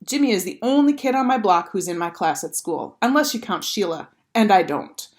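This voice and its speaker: A woman teacher reads a children's chapter book aloud, her voice at a middle pitch but swinging lively up and down. The delivery is expressive and storytelling-driven. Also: brisk. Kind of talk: storybook reading.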